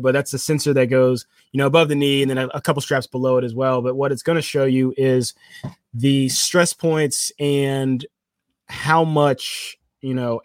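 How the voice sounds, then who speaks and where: In a studio-quality recording free of room sound, a mid-range male voice holds forth on a casual sports tech podcast he co-hosts. He goes on at length in a rambling way, stopping to restart and fix what he said, and slips in a playful aside.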